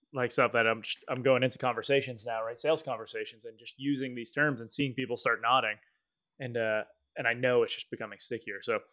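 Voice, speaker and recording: Man hosting an interview show, bright tone, mid-range voice, encouraging. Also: mid-range voice. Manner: upbeat, affirming. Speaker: podcast host. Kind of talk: interview chat.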